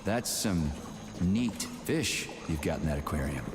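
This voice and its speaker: A blunt, profane agent with a lowish, lively voice. He wisecracks his way through each line. Loud game music plays behind him in an echoey mix. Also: unhurried. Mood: gruff. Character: gruff, crude wisecracking male agent.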